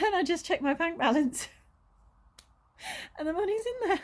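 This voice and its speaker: Passionate high-voiced woman vlogging. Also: sing-song, moderate pace. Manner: passionate, emotional, laughs often, swears. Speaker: spiritual coach and vlogger. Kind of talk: casual vlog talk to camera.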